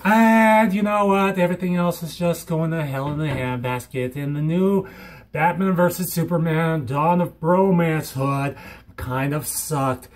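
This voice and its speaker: A young man rambling in a hyper, giddy vlog monologue, swinging between squeals and low mutters. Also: measured pace. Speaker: vlogger.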